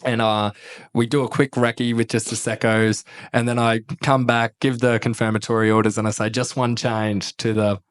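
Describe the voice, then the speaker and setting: Australian guy in his thirties, ex-officer guest, lively yarn-spinner, salty language, laughs through his stories. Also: mid-range voice, moderate pace, clean tone. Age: 30s. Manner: animated, laughing, swears a lot, acts out quotes. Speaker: podcast guest, former army captain. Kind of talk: casual storytelling interview.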